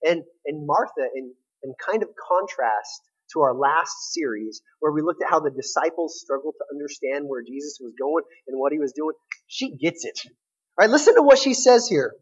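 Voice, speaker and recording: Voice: mid-range voice, animated, normal speed, slightly rough, dull audio. A preacher giving a sermon, retelling a scripture story in an emphatic, conversational way.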